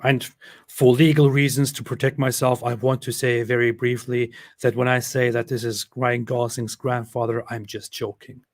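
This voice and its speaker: A man's voice: mid-range voice, little pitch movement, normal speed, no room sound. Male online commentator, young adult, sardonic joker, plain middle voice, dry mic. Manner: sardonic, joking asides. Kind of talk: commentary with read-out document.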